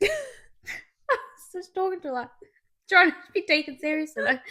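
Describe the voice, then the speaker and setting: A woman's voice: high-pitched, brisk, long pauses. A British woman co-hosting a podcast, telling a story in casual chat and acting out both sides of the dialogue. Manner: animated storytelling, breaks into laughter, acts out dialogue. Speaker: podcast co-host.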